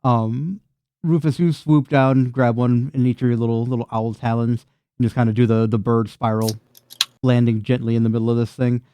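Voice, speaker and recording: Man, game master, mid pitch, laughs a lot, swears freely, dry close sound. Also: moderate pace, clear, resonant tone, no room sound. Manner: laughs often, swears freely, animated voices for scenes. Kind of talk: narrating a tabletop game.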